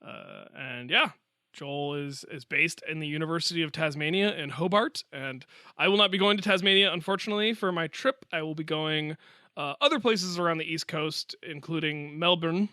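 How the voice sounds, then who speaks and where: Guy cohosting a science podcast, bright clear voice, super dry close sound, joking around. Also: a little high, moderate pace, no room sound. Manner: chatty, jokey, playful asides. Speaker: podcast co-host. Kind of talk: casual chat, reading a listener email.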